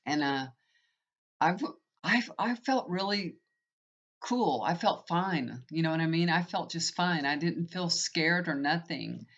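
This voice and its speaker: A woman's voice: low voice, expressive, slow pace, a bit bright. A woman in her fifties, a tarot reader, telling a rambling personal story in a chatty, casual way. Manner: chatty, rambling, frequent "you know". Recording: dull lo-fi recording.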